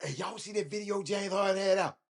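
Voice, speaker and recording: A man's voice: sits high, fairly quick. A man with a Houston accent hosting a casual sports talk stream, laughing often and talking straight to his chat. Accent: Houston, Texas. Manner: animated, laughing, talks to chat. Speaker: livestream host.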